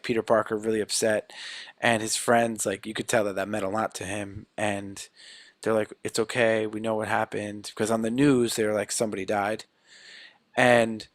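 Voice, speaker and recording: A man with a mid-range voice, co-hosting a podcast, chats casually as he retells a film scene by scene, acting out the characters' lines in an animated way. No room sound is present.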